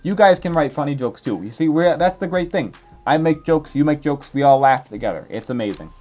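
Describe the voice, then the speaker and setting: Young male YouTuber, chatty and rambling, animated pitch, faint music under him. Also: fairly quick. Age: 20s. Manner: rambling, filler-heavy, chatty. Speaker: YouTuber reading viewer comments. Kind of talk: casual commentary.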